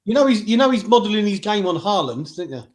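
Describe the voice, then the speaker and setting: A man's voice: high-pitched, big pitch swings, fast talker, crowd noise. A man co-hosting a casual football chat, chatty and teasing his co-host. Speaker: podcast co-host.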